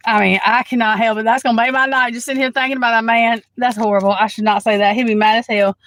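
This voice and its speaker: Chatty, frank woman with a higher voice. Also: fairly even intonation, quick pace, a bit bright, no echo, poor audio. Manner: chatty, frank, swears, laughs often, calls the viewer "girl". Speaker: tarot reader. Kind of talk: live tarot reading, casual chat. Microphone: phone.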